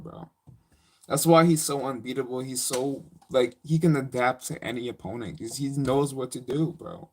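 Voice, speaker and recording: A man's voice: mid-range voice, slight background noise. A young man on a live stream, rambling casually with slang and laughter as he tells stories.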